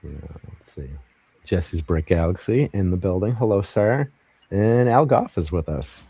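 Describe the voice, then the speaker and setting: A man hosting a casual livestream chat, greeting viewers and chiming in with short, relaxed remarks. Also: deep voice, measured pace, husky, no room sound. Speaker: host.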